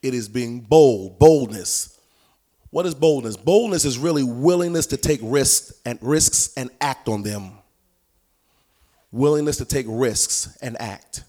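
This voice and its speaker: A man teaching a prophetic training session in an animated, folksy preaching style, with punchy repetition and sudden sung or shouted phrases. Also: medium pitch, a little slow. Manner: folksy colloquial delivery. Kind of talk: teaching sermon.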